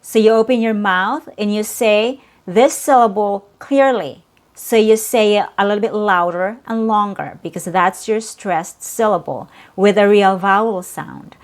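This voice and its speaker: Slow, patient woman teaching pronunciation. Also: medium pitch. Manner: patient, repeats sounds and words for practice. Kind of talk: slow, clear pronunciation lesson.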